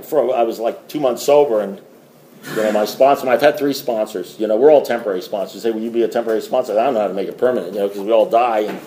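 A man's voice: lowish voice, rapid-fire, mellow, a little hiss or hum. A middle-aged man giving a blunt, rambling recovery talk to a group, swearing and repeating himself. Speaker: AA meeting speaker.

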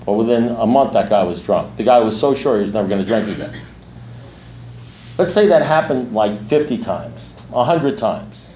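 A man's voice: on the low side, expressive, normal speed, mellow. A streetwise man talks bluntly to a recovery meeting, repeating his key lines to drive them home. His voice rings around an echoey room, with a faint ambient hum behind it. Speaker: recovery meeting speaker and sponsor.

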